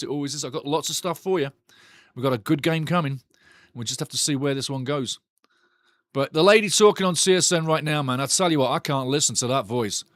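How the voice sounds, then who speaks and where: A man hosts a live football watchalong, chatting with viewers, reading their comments aloud, and giving blunt, outspoken opinions he often repeats. His voice is medium-pitched, captured on a desk microphone with a dry, clean studio sound.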